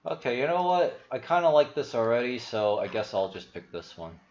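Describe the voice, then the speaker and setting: Fairly quick and sing-song, this crypto and stock market streamer has a mid-range, darkish voice. He rambles casually through market talk on his livestream, slightly out of breath, restarting constantly and thinking aloud; the audio is roomy and dull.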